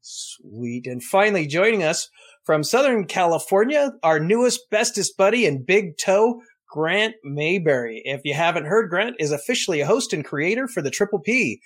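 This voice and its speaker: High-voiced folksy male podcast host. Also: big pitch swings, moderate pace. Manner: folksy, playful introductions. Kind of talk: casual podcast chat.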